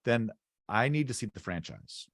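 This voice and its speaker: A man's voice: fairly low pitch, expressive, moderate pace, no room sound, clean studio sound. A man co-hosting a podcast, steering the talk and chiming in with short replies. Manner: steering the segment, brief backchannels. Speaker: podcast co-host. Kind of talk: casual podcast chat.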